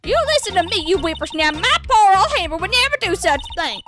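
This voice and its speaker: A woman voicing a cranky old woman guard who scolds in a shrill, indignant voice. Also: expressive, fast talker, loud music behind the voice.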